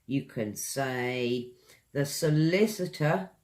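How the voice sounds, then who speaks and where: A man's voice: medium pitch, big pitch swings. A man with a British accent giving an online English pronunciation lesson, stretching out each word and chatting to viewers between examples. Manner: slow, drawn-out enunciation of words, chatty asides to viewers. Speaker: English teacher.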